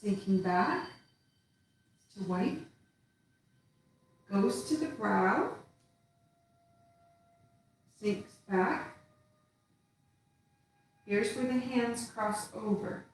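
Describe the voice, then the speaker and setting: A woman teaching tai chi, calmly talking through each step and movement. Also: mid-range voice, extremely slow, long pauses, slight background noise. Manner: calm, instructive, counting out steps. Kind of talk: guided movement lesson. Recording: echoey room from far off.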